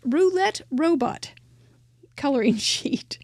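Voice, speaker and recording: A woman's voice: high-pitched, lively intonation, slow, a little mellow, no echo. A middle-aged woman hosting a live crafting show, bubbly and chatty, laughing often and tripping over names.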